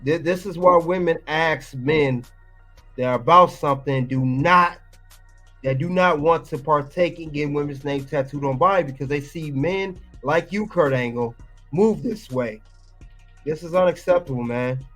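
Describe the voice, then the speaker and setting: A fairly high-voiced man riffing through a casual reaction commentary. He rants with emphasis and circles back to the same points again and again, with faint music under him. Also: moderate pace, a bit bright. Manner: emphatic, ranting, repeats himself.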